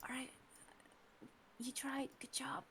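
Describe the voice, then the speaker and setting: A woman's voice: high voice, little pitch movement, takes it slowly, creaky, sharp tone. Female player, blunt and teasing, swears freely, light background hiss. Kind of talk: casual tabletop role-play.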